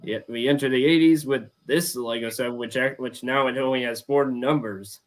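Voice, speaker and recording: A young man hosting a casual roundtable chat, talking haltingly with many restarts and repeated words. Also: medium pitch, fairly even intonation. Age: young adult. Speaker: host.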